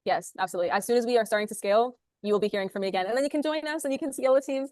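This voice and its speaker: A woman, a sales manager, talking fast and upbeat as an interview guest over a video call, with lots of "like" fillers. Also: a little high, darkish tone, no echo, studio quality. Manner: rapid, upbeat, full of "like" fillers.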